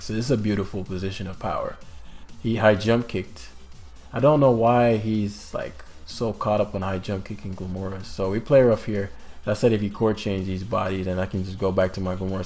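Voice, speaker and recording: A man with a low, gravelly voice talks through his own competitive match in a put-on British-sounding accent. His commentary is casual, with swearing and the odd loud burst. Faint music plays underneath. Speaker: competitive game streamer. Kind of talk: live game commentary.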